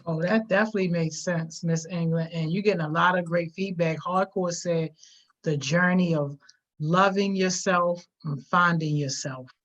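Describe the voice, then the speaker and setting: Low-voiced woman reading comments, lo-fi. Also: steady tone, normal speed. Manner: warm, affirming, reads comments aloud. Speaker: co-host reading viewer comments. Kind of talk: casual chat. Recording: dull lo-fi audio.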